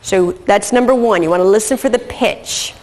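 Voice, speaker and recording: A woman's voice: mid-range voice, normal speed, a little mellow, in a large hall. A woman giving a recorded lecture as an instructor, methodical and often checking in with "okay".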